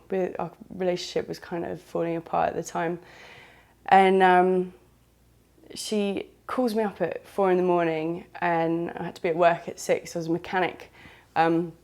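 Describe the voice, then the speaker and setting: Woman, southern English accent, slightly low voice, candid personal storytelling, chatty and frank. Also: darkish tone. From southern England. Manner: chatty, loose and frank, with British slang.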